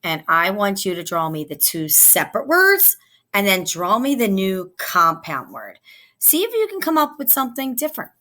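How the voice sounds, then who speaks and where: A woman's voice: mid-range voice, wildly swooping pitch, moderate pace, pushed and bright. A woman teacher giving a recorded phonics lesson to young children, patiently sounding out each word. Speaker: elementary teacher.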